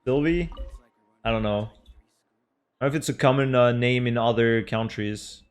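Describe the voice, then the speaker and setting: A man's voice: medium pitch, normal speed. A young man with a French accent, a streamer chatting casually with his viewers and sounding out names. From France. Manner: chatty, reads names aloud and laughs at them. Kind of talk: casual live-stream chat.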